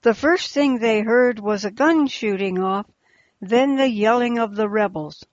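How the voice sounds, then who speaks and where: A woman reading a storybook aloud in a slow, deliberate storytelling manner, in a slightly muffled recording. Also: fairly high pitch, no echo. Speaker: narrator.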